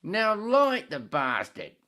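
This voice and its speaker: A man's voice: huge pitch swings, slow, exaggerated voice. A man voicing a rude, bodiless talking head who barks orders in a mock Australian accent that slips toward British. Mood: bossy. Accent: mock Australian slipping toward British. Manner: barking demands, loud and high-pitched.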